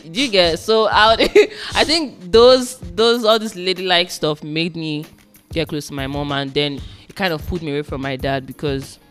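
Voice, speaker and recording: A young woman from Nigeria, a guest in a casual chat, telling stories animatedly and acting out her parents' voices. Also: sits low.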